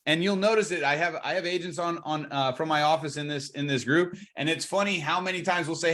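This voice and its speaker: A man coaching real estate agents in a training talk, energetic, restarting words and slowing for emphasis. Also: on the high side.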